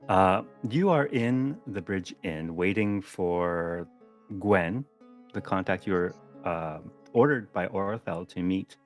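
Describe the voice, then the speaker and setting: A man narrating as game master of a tabletop game, relaxed and chatty with frequent ums and self-corrections. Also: sits low, slow, faint music behind.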